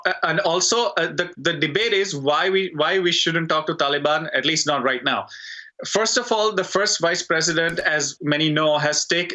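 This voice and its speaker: A man with an Indian English accent arguing a point as a debate panelist, measured and insistent. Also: on the high side, sharp tone. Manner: measured argument, pleading to be let in. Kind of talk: heated TV debate. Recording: dull remote line.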